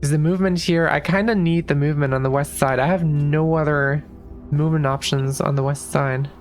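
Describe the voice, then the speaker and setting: Woman, low voice, casual game commentary, thinks aloud, faint background music. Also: fairly even intonation, a little fast, darkish tone. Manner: thinks aloud, restarts sentences, swears casually. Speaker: streamer.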